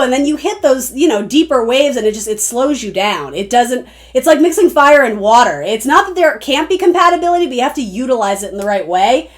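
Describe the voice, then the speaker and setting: A young woman with a fairly high voice talks her viewers through a casual spoken tarot reading. She rambles in a loose, chatty way, thinking aloud and interrupting herself with restarts and asides.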